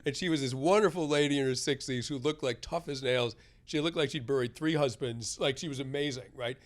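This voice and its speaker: A middle-aged American man telling a story in an interview. He talks in a loose, conversational way and keeps checking in with the listener. His voice sits at an ordinary pitch, now hushed, now loud. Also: fairly quick. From United States. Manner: conversational, tag questions, swings loud and soft. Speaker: guest author.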